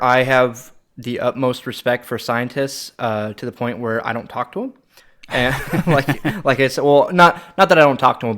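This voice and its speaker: Young man, American, podcast co-host, casual ranting, lots of swearing, loud outbursts. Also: medium pitch. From United States. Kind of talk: casual chat.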